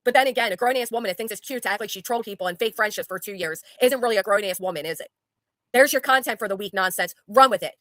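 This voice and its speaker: A woman's voice: medium pitch, very fast, fairly bright tone, no echo, clean studio sound. A woman hosting a talk show, speaking in an angry, sarcastic, profane rant to her guest. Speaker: YouTube commentary host. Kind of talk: heated casual talk with a guest.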